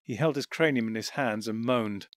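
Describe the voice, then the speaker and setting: A male narrator reads an audiobook in an even, steady voice. The sound is close and dry with no room around it, at a middle pitch. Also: normal speed, no room sound.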